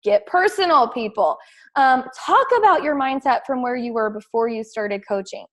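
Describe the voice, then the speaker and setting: Chatty woman coaching her team. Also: on the high side. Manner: chatty and excitable, heavy use of "like". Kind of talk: casual team call.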